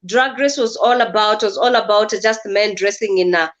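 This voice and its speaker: A woman's voice: mid-range voice, fairly even intonation, moderate pace. A woman from Kenya, a guest speaking hesitantly with many fillers over a video call. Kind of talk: casual discussion. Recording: dull lo-fi call audio.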